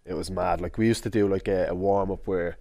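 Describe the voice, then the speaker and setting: A man with a Dublin accent, hosting a podcast with laughing, lively banter. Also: low voice, brisk, gravelly, no echo. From Ireland. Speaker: podcast host. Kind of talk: casual podcast chat. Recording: dry close studio sound.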